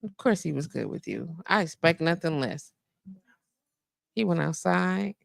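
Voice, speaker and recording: A woman's voice: low voice, expressive, a little slow, vocal fry, no echo. A woman hosting a live radio show, chatting casually, laughing often and cooing baby talk at her dog.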